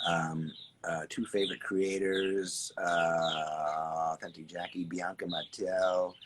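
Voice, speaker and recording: A man hosting a casual live stream outdoors, reading viewer comments, greeting people by name and talking in an animated, repetitive way with some swearing. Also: low voice, takes it slowly, background noise. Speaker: artist and creative coach hosting a live stream. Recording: birds chirping clearly in the background.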